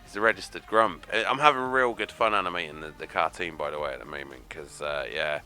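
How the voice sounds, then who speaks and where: Rambling radio host. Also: male voice, rumbling low, fast, pushed and bright, soft background music. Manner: rambling and jokey, with constant "you know". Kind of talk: casual radio banter. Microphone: studio microphone.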